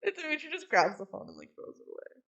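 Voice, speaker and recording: A chatty woman co-hosting a movie podcast, her voice sitting a little higher than most. She recaps scenes in a loose, conversational way and keeps slipping into quick impressions of the characters. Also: wildly swooping pitch, a bit bright. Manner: chatty, retells scenes with quick acted quotes and laughs. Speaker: podcast co-host. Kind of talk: casual movie recap chat.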